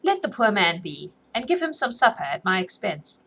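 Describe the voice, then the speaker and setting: A woman's voice: medium pitch, sing-song, normal speed, a bit bright, breathy edge, heavily acted, rough recording. A woman voicing a merry, impatient young noblewoman with a lilting, mock-dramatic delivery in a storybook reading.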